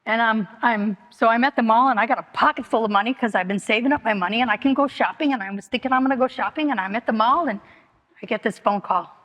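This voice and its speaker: A middle-aged woman with a slightly high, somewhat bright voice talks at a quick pace while giving a personal testimony at a recovery meeting. Earnest and emotionally open, she tells her story repetitively. The audio is dull, with long reverb from the meeting hall.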